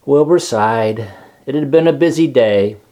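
A man reading a children's storybook aloud in a calm, measured way. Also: medium pitch. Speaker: narrator.

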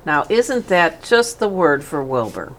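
A woman's voice: sits low, big pitch swings, unhurried, a little hiss or hum. Woman voicing a middle-aged storybook farmer, hearty, cheerful, bossy.

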